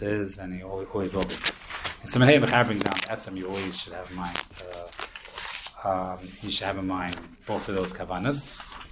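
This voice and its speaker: A man's voice: sits low, background noise. A man teaching an informal Torah class, explaining in a loose, rambling way with many fillers and Hebrew terms.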